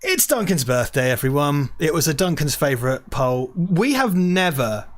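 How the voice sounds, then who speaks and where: A man's voice: fairly high pitch, sing-song, normal speed. A man co-hosting a casual live stream, joking and rambling, often stumbling over restarts, on a lavalier mic. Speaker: co-host of a movie watch-party stream. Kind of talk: casual live-stream chat with mock announcements.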